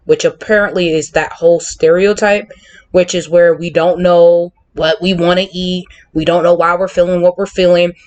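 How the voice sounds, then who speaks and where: A woman hosting a casual conversation, candid and opinionated, talking in a chatty, open way. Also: on the low side. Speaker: podcast host.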